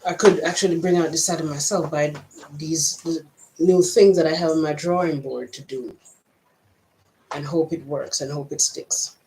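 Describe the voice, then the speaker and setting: A woman with a mixed American and Jamaican accent, talking to camera in a personal vlog, reflective and halting as she thinks aloud. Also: low-pitched, fairly even intonation, darkish tone, a little hiss or hum, low-quality recording. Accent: mix of American and Jamaican. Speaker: vlogger.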